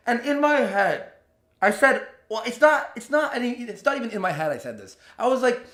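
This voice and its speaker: A man's voice: high voice, moderate pace, reverberant. A young man vlogging a heated, profane storytime, acting out the people he quotes. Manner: heated, profane, animated retelling with quoted dialogue. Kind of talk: ranting storytime.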